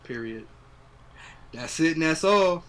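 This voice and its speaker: A man's voice: on the high side, lively intonation, slow, fairly bright tone. A young adult man hosting a podcast, chatting casually and reflectively, swearing freely. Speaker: podcast host. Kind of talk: casual chat.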